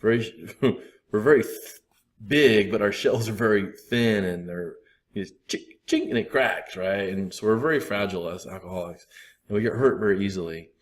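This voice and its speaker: A man's voice: lowish voice, moderate pace. A man in his thirties giving a candid, rambling talk to a recovery group, acting out his own asides. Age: 30s.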